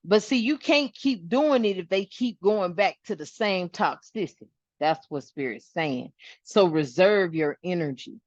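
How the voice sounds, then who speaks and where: A woman hosting a spiritual channel, talking casually to her viewers in an animated, rambling way and swearing freely. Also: mid-range voice, no echo, muffled recording.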